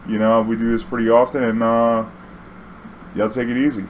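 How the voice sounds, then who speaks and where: A man's voice: mid-range voice, flat delivery, normal speed, a little hiss or hum, low-quality recording. A man telling a casual storytime vlog, loose and profane, full of "you know"s. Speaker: vlogger.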